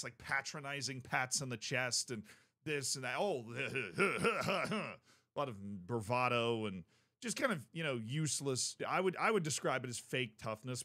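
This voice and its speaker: A man giving casual sports commentary as a YouTube host, telling the story in a joking, animated way and working himself up as he goes. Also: medium pitch.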